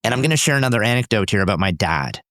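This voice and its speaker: A man's voice: fairly low pitch, lively intonation, racing, fairly bright tone, no echo, clean studio sound. A man, a company founder, telling personal stories in an interview in an intense, emphatic, driven way. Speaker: startup founder and CEO, podcast guest.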